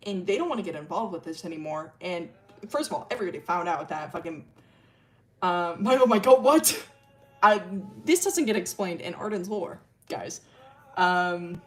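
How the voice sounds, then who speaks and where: A woman's voice: medium pitch, animated, normal speed. A young woman streamer rambles through a story, giggling often and filling gaps with "like" and "um". Her voice swings widely up and down as she talks. Faint music plays behind her. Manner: giggly, rambling, lots of fillers.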